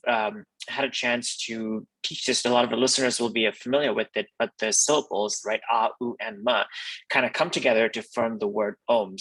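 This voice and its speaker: A man's voice: mid-range voice, a bit bright, no echo, rough recording. A man hosting a podcast, asking questions in a loose, conversational way with lots of fillers. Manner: conversational, many "you know" fillers. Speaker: podcast host. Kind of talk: casual interview questions.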